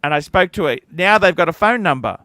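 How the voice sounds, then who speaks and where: A man's voice: a little high, lively intonation, a little fast, sharp tone, no echo. A cantankerous man in his forties, hosting a livestream and ranting with heavy profanity. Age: 40s. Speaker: livestream host.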